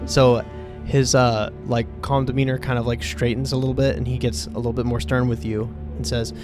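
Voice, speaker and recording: A man narrating as game master, speaking in a relaxed, hesitant way. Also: medium pitch, fairly quick, over music.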